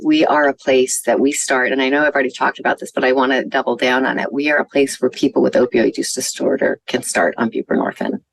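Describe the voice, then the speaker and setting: In a rumbling low, gravelly voice, a woman physician tells stories during an earnest conference talk, warm and with some fillers, at a conference venue. The recording has no room sound and is rough.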